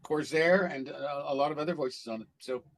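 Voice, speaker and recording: A man who works as a voice actor telling stories in a casual interview, animated and laughing as he acts out what people said. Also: on the high side, brisk, rough recording. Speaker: voice actor guest.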